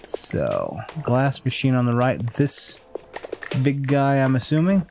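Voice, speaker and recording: A man's voice: medium pitch, huge pitch swings, slow, vocal fry, background noise. A man giving casual let's-play commentary, chatty and laughing often as he thinks aloud at the desk mic. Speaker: gameplay streamer. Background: background music.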